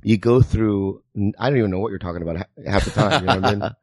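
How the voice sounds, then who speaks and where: A man's voice: lowish voice, very fast, darkish tone, no echo. A man guesting on a comedy talk show, laid-back and self-deprecating, often checking in with "you know what I mean". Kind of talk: casual comedic chat.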